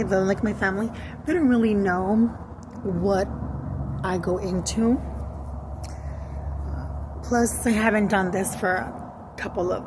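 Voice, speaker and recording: A woman's voice: mid-range voice, background noise. A woman telling a rambling, profane story to her viewers in a casual vlog. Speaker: vlogger.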